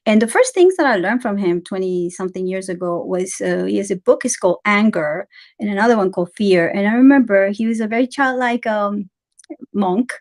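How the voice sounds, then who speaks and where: A woman guest speaks at a middle pitch, gentle and lively, explaining ideas with many fillers and restarts. She sounds tender and open. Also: brisk. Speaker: interview guest. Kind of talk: casual interview talk.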